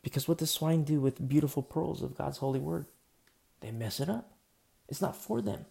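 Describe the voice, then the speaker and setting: A male pastor preaching a relaxed, conversational sermon, rambling with lots of fillers and restarts. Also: fairly high pitch, moderate pace, creaky.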